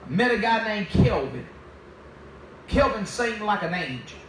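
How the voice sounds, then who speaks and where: A man giving a spoken testimony as a minister, telling his story in a lively way and acting out the dialogue. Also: high-pitched, a little slow, a little hiss or hum. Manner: animated storytelling, acts out dialogue. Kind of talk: testimony sermon. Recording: very echoey, distant from the mic.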